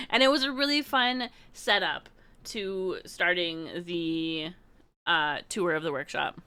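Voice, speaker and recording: A woman livestreamer telling a story in casual chat with her viewers, excitable and laughing often. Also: fairly low pitch, slow pace, pauses often, smooth. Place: room at home, alone.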